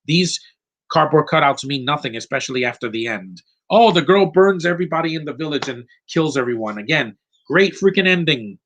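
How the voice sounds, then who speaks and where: A man's voice: a little high, animated, brisk, fairly bright tone. A man giving casual live commentary over a movie, blunt and rambling, going off on tangents.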